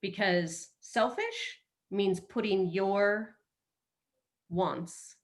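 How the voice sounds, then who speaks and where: A woman's voice: medium pitch, extremely slow. A middle-aged woman hosting a webinar, coaching in a casual, playful way and slipping into quoted self-talk, speaking over a video call.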